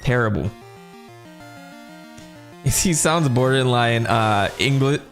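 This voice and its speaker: A man chats his way through a game stream, joking in quick asides at a middling pitch. Soft music runs behind his voice. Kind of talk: casual gameplay commentary.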